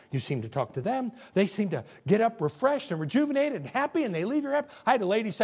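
Middle-aged pastor from Illinois, a man with a high, very animated voice who jokes with the pews and then drives home questions. Folksy sermon delivery in a church. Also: fast, few pauses, husky. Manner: folksy, joking preacher swinging between hushed asides and loud exhortation.

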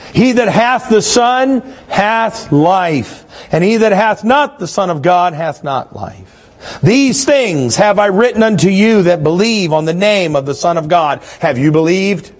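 Animated, high-voiced man preaching. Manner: animated preacher, rising and falling emphasis. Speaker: pastor. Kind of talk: sermon.

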